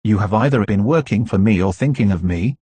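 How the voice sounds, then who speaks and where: An eager young nobleman, read by a man in a classic audiobook, friendly and lively. The reading voice is low and husky, with a dry close sound. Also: brisk, dry recording.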